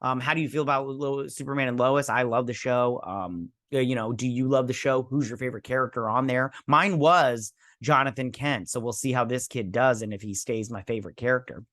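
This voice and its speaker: Vlog host, male, bright forward tone, blunt offhand chatter. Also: mid-range voice, fairly quick, hardly any pauses. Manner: chatty and blunt, with fillers and asides. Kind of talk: casual news reaction vlog.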